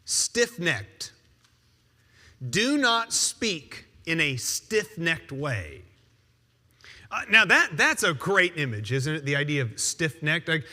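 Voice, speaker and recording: A male pastor preaching a sermon in a conversational, emphatic way, with quick rebuttals. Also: on the high side, pushed and bright, in a large hall.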